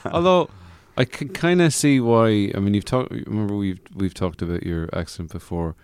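A man's voice: fairly low pitch, normal speed, noisy background. A man hosting a casual chat, full of joking, rambling banter. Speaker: podcast host.

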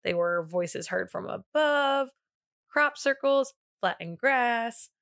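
A woman with a bright, forward voice co-hosts a podcast and tells a story casually. She wanders through details and fills gaps with "like." The sound is close and dry, with no room around it. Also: on the high side, animated, slow, gravelly, no echo. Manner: chatty, retells events loosely with many "like" fillers. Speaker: podcast co-host.

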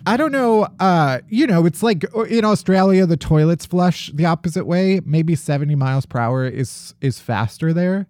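A man co-hosting a podcast, telling strange news stories in a jokey, animated way. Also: fairly high pitch, moderate pace, few pauses, dry recording, studio quality. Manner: jokey, animated storytelling with laughs. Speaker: podcast co-host. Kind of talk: casual comedic news chat.

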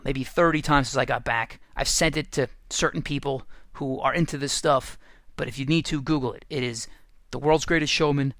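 Man, football coach, energetic motivational talk, slightly high voice, dry. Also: no echo. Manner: energetic, animated storytelling with restarts.

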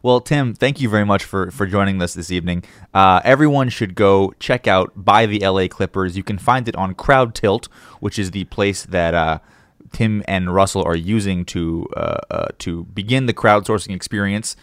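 A man's voice: low-pitched, lively intonation, normal speed, fairly bright tone, no echo, clean studio sound. A man co-hosting a comedy podcast, rambling through jokey stories with plenty of fillers. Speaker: podcast co-host.

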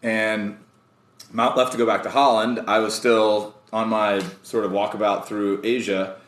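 A man, a guest, telling a story in casual chat, animated and laughing often, jumping up in pitch whenever he quotes himself or others. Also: unhurried. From United States. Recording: roomy echoey sound.

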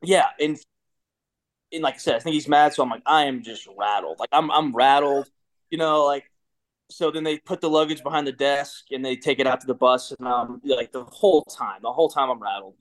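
Guy in his 30s rambling thru a story, lots of restarts, normal pitch. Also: a little fast. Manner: rambling, many restarts and fillers. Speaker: guest, former pitcher. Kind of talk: casual storytelling.

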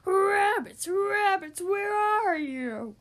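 A hungry, huffy young wolf boy from a storybook howls for rabbits in long, stretched calls, as a woman puts him on. The voice soars high and loud, swinging widely in pitch. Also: lively intonation. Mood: howling. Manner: howling, drawn-out calls.

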